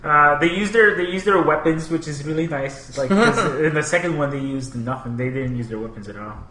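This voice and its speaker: A man's voice: a little high, brisk, a bit bright. A man co-hosting a podcast in casual chat, giving blunt, emphatic opinions. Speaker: podcast co-host. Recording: echoey room with faint noise.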